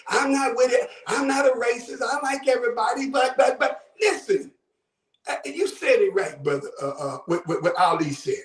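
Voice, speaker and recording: Heard from a distance in a reverberant space, this caller has an extremely high, somewhat bright voice. He's a man from Buffalo, New York, offering fervent, sermon-like commentary on a talk show and often raising his voice.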